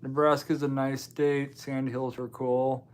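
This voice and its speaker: A man hosting a relaxed livestream, chatting loosely and answering viewers with dry little asides. His voice sits at an ordinary middle pitch and he talks straight into a home streaming mic. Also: measured pace. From Washington State, US. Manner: loose and offhand, with frequent ums and dry asides. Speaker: livestream host. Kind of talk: casual live chat reading viewer comments.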